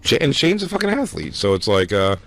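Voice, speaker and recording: A man's voice: medium pitch, sing-song, fairly quick, creaky, a bit bright. A man hosting a podcast, rambling through a story with frequent restarts and plenty of swearing. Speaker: podcast host. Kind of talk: casual chat.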